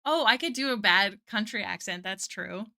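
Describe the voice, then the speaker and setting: Woman, live art streamer. Bright, chatty, casual, talks to chat while working. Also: mid-range voice, animated, normal speed, creaky. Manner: chatty, answers chat, many "like" fillers.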